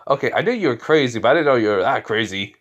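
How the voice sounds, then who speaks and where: A man voicing a brash teenage ninja boy in a spoken fan story, loud and teasing. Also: medium pitch, expressive, very fast, lo-fi sound.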